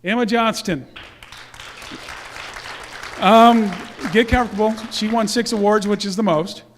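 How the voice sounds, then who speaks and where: Chatty high-voiced man announcing awards. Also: steady tone, measured pace, some chatter behind, slight background noise. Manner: chatty, rambling, with fillers and self-corrections. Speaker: church speaker presenting youth awards. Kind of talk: casual announcements to a congregation.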